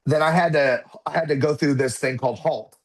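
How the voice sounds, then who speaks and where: A man's voice: fairly high pitch, a little fast. A man in his thirties, a podcast guest, telling a personal story in conversation and acting out what his children said. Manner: animated, acts out quotes of his children.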